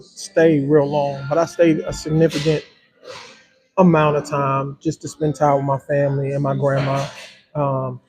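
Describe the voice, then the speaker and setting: A man with chats loosely on a livestream, calling his viewers y'all. His voice sits a little high but sounds mellow and warm. He rambles in an easy, relaxed way. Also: low-quality recording. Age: adult with a hundred-year-old grandmother. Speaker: live-stream host. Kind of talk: casual livestream chat.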